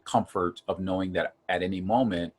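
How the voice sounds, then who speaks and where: A man from Ohio earnestly telling a personal story of hard times in a casual chat, getting animated when he acts out quotes. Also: sits low, moderate pace, husky. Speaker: guest.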